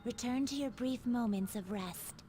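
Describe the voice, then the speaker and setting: An actress playing a polite young female warden who speaks calmly and formally. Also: fairly high pitch, a little slow, lightly acted. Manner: calm and formal. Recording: game audio with music behind.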